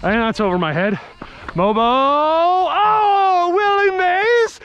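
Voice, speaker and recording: A man vlogging his softball game outdoors, giving excitable, jokey play-by-play and cheering teammates on by nickname. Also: very high-pitched, slow pace, no echo, lo-fi sound.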